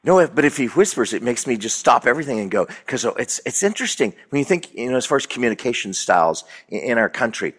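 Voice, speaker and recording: A man co-hosting a casual radio talk show, telling lively stories and acting out the people he quotes. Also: mid-range voice, fast, few pauses, husky. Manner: animated storyteller, acts out quoted voices. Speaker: co-host.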